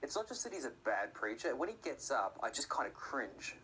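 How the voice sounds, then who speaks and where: A man giving a conversational sermon, often slipping into quick acted-out voices for the people in his stories. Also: very animated, sharp tone, slight background noise, poor audio. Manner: conversational, acts out voices with sudden high-pitched outbursts. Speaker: preacher.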